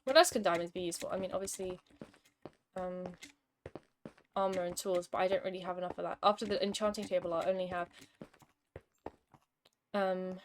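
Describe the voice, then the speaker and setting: A woman's voice: fairly low pitch, level tone, normal speed, long pauses, a little hiss or hum. Chatty young woman gaming streamer. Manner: chatty, exasperated, wry anecdote-telling. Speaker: game streamer. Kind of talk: casual gaming commentary with storytelling.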